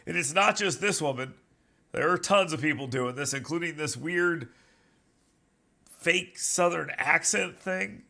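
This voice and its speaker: A male talk show host whose commentary drips with sarcasm. His voice is gravelly and bright, a little higher than most men's, and he mocks what he reacts to. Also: a little slow. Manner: sarcastic, mocking. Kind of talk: opinion commentary.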